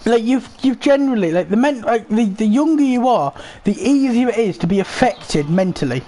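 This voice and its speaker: A young man talks in a loose, rambling way, swearing often. His voice sits high and leaps about in pitch. He sounds animated. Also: moderate pace, slight background noise. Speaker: host. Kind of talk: casual chat while playing a football game.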